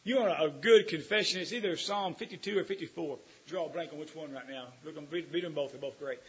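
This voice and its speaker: A preacher delivers a folksy, emphatic sermon, dropping into quiet asides and rising to loud declarations. His voice sits high and a little husky. The recording is dull and lo-fi. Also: fast talker, few pauses.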